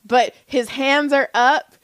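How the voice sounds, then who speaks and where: A woman's voice: high voice, steady tone, slow, a bit bright, no room sound, low-quality recording. A woman in her thirties co-hosting a podcast, telling a family story in casual chat, laughing often and acting out the voices of the people she quotes. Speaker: podcast co-host.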